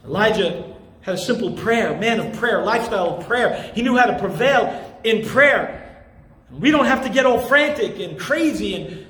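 Impassioned high-voiced male preacher. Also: roomy sound. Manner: impassioned, emphatic, rising to shouts. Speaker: pastor. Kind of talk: sermon.

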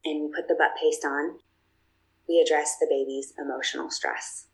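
Woman, low voice, interview guest, casual storytelling, chatty, fillers and restarts. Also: fairly even intonation, normal speed, poor audio.

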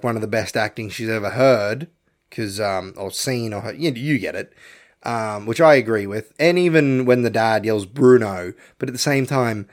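A man, hosting a podcast and rambling bluntly through a profane film review. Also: mid-range voice. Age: young adult to middle-aged. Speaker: podcast host. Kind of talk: casual film review rant.

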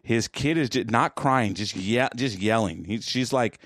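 A middle-aged man co-hosting a podcast, blunt and crude, telling animated stories in casual chat. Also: mid-range voice, a little slow, no echo, clean studio sound. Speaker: podcast co-host.

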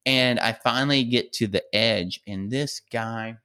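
A man co-hosting a podcast, telling a long, rambling story in casual chat with lots of fillers and shouted quotes. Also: a little slow, clean tone. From rural America. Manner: rambling, animated, acts out quotes in a high yell. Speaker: podcast co-host.

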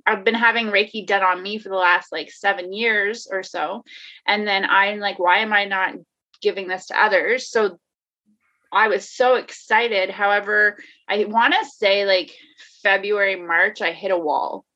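Candid, laughing woman with bright voice. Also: mid-range voice, fairly even intonation, measured pace. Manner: candid, laughs often, swears, many restarts. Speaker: guest, life coach. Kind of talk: casual conversation. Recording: dull lo-fi sound.

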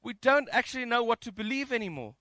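A man giving a conversational sermon from home, reading scripture and mixing in jokes with an animated delivery. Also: extremely high pitch, quick pace, no echo. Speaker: preacher. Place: home, during isolation.

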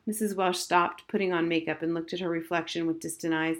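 A woman's voice: deep voice, steady tone, normal speed, hardly any pauses. A woman narrating a children's novel as scripted narration. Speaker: audiobook narrator.

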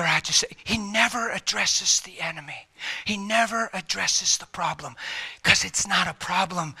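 Male pastor, sermon, animated storyteller, high and very bright voice.

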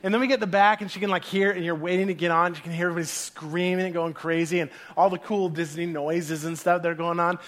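A man in his thirties preaching a sermon as a pastor, an animated storyteller who acts out voices and laughs through his anecdotes to a congregation. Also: high voice, quick pace, few pauses. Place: church hall before a congregation.

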